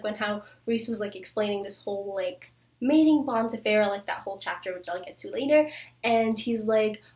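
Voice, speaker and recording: A young woman reviewing books in a casual vlog, gushing and saying "like" constantly. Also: medium pitch. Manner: gushing, fills speech with "like". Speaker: book reviewer. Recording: voice a bit far from the mic.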